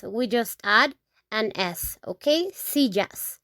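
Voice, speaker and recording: A woman with a fairly high voice teaches words very slowly and patiently. She repeats each word several times and often checks in with a quick "okay?". The recording is dry and close. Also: animated, sharp tone, dry recording. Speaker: Spanish teacher. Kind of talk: slow, repetitive vocabulary lesson.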